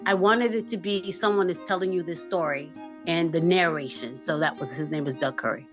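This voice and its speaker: Woman guest on a video call, effusive and warm, laughs easily, faint music underneath. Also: on the low side, brisk. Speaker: filmmaker guest. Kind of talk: casual video call interview. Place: home.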